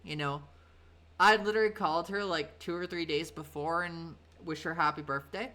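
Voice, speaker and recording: A woman in her thirties chats on a live stream from her home setup, her voice bright and sharp. She rambles loosely through her stories, with plenty of fillers and the odd swear word, and her tone stays clean and crisp. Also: on the low side, fairly even intonation, normal speed. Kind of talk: casual storytelling on a live stream.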